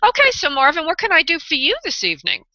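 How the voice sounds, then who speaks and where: A woman's voice: extremely high pitch, huge pitch swings, fast, sharp tone, dry recording. A woman with a New York accent hosting a live call-in psychic radio show, chatty and laughing often. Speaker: psychic medium radio host. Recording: dull lo-fi internet radio audio.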